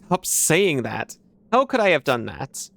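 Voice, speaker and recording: A man's voice: fairly high pitch, very animated, unhurried, gravelly, fairly bright tone, heavily acted. A man voicing an earnest young son who pleads urgently with his mother, reading game dialogue aloud. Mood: upset.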